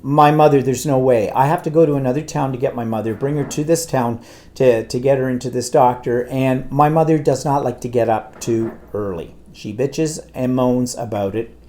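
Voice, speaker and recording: A man's voice: mid-range voice, normal speed, mellow. A man, co-hosting a live talk show and telling a long, exasperated anecdote in casual chat. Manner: rambling anecdotal storyteller, exasperated. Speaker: co-host.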